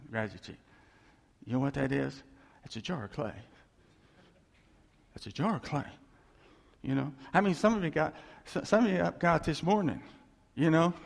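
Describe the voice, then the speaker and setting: A man preaching a conversational sermon in a church hall, animated and jokey, talking straight to his congregation. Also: on the high side, vocal fry. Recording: long hall reverb.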